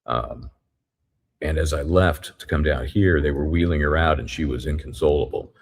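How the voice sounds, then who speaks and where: Husky, very deep-voiced man reporting. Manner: halting, methodical retelling. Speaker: courtroom trial reporter. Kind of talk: live courtroom recap.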